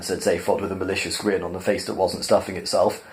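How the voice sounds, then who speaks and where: A man reading a novel aloud in a measured, plain narrating style. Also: deep voice, level tone. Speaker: reader. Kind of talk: audiobook-style storybook reading.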